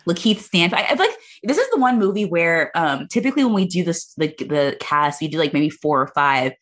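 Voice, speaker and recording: A woman's voice: on the low side, very animated, fairly quick, a bit bright. A woman hosting a podcast in casual, joking chat, laughing often between remarks. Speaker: podcast host.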